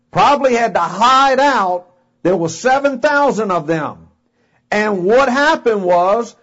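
A man preaching a sermon in a folksy, emphatic way, reading scripture and acting out voices. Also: sits high. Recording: dull lo-fi recording.

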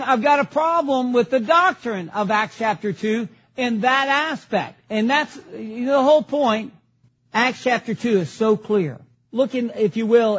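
A man with a very high, husky voice preaching from a church pulpit. He is emphatic and keeps quizzing the congregation on what they just read. The recording sounds a little dull. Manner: emphatic, asks the congregation questions and answers them. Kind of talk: sermon.

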